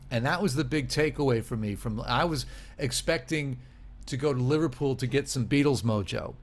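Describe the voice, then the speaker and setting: A man in casual conversation on a podcast, telling lively stories and acting out the people in them. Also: mid-range voice. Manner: animated storyteller who acts out quoted voices. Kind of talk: casual chat.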